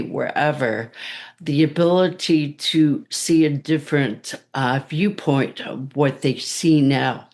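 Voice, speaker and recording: A woman guest speaking earnestly and in a measured way in casual chat. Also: low-pitched.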